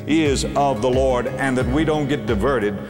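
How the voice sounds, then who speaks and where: A pastor preaching a sermon with emphasis, reading scripture slowly and stretching his words. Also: medium pitch, music in the background. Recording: echoey hall with long reverb.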